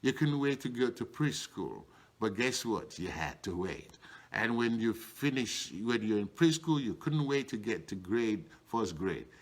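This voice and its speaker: A middle-aged man preaching with a lively voice that swings up and down. He talks conversationally, leaning on "you know" and repeated refrains like a pastor working a congregation. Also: a little slow. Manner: rhetorical refrains, swinging pitch up and down. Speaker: bishop preaching. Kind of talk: sermon.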